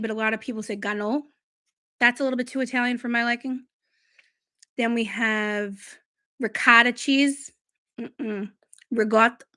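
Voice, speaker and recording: A woman's voice: fairly high pitch, bright, forceful tone, no room sound, studio quality. A woman hosting a beauty livestream, chatting casually and rambling as she reads viewer comments. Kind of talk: casual live-stream chat, reading viewer comments.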